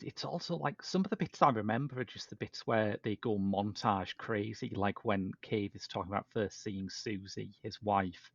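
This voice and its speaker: A low, gravelly male voice chatting casually as a podcast host, full of restarts and asides. The recording is dry and muffled, with little room sound and a lo-fi edge. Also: no room sound. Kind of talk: casual film discussion. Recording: dull dry low-fidelity podcast audio.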